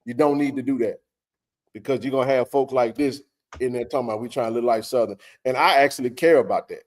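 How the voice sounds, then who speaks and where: A man's voice: mid-range voice, fast. A man hosting a sports talk stream, ranting bluntly in casual, profane talk. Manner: heated, blunt ranting with frequent swearing.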